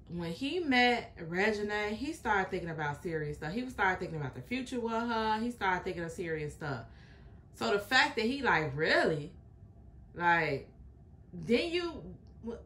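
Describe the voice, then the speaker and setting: A woman gives casual, chatty commentary on a reaction video, stressing and restating each point. Her mid-range voice is bright and a little sharp, animated, and at a normal speed.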